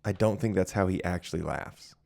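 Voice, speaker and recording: A man with a notably deep, low-pitched voice co-hosting a loose comedy podcast. He rambles, backtracks and pokes fun at himself in easygoing banter. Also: brisk, gravelly, a little mellow. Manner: rambling, self-mocking joking. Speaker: podcast co-host, stand-up comic. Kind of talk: casual comedy podcast chat.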